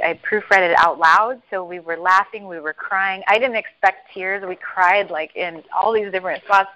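A woman's voice: lowish voice, bright, forceful tone, highs cut off. A woman hosting a group video call, speaking earnestly about faith with many fillers.

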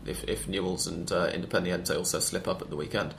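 Chatty low-voiced man hosting a podcast. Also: fairly even intonation, gravelly, fairly bright tone, slight background noise. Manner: rambling, stops to correct himself, quick with stats. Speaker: podcast host. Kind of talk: casual football podcast chat.

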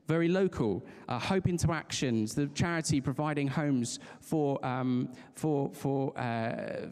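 A man's voice: fairly high pitch, a little mellow. Earnest preacher man in a reverberant hall. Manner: conversational, earnest, with frequent restarts and light laughs. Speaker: pastor. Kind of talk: sermon. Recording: long reverb of a large hall.

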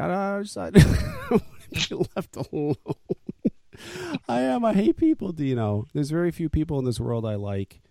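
A man's voice: on the high side, huge pitch swings, normal speed, gravelly, dark tone, no room sound, studio quality. A man hosting a podcast in casual chat, blunt and profane, often ranting and grumbling. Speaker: podcast host and vape shop owner.

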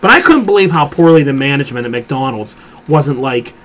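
A man hosting a casual chat show, telling an animated story with a lot of swearing. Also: mid-range voice, a little fast, a little hiss or hum. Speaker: podcast host.

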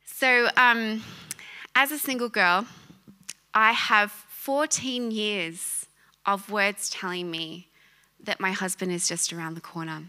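A woman in her thirties preaching a sermon, telling a personal story in an animated way and laughing often. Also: medium pitch, slow.

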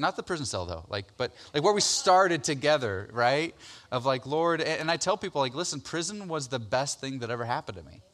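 Chatty man preaching his testimony. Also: mid-range voice. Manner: conversational, repeats words, many fillers; grows loud and excited when retelling. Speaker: pastor. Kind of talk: personal testimony sermon.

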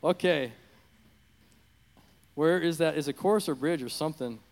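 A man preaching an improvised sermon into a handheld mic in a church, rambling and growing fervent and loud. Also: on the high side, moderate pace, in a large hall. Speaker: pastor. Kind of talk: unscripted sermon. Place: church sanctuary. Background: worship music.

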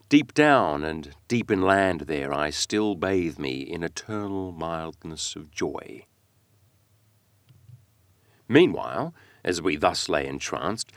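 A man narrating a classic novel in an expressive, dramatic reading that slows and speeds with the text. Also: low voice, dry recording. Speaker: audiobook reader.

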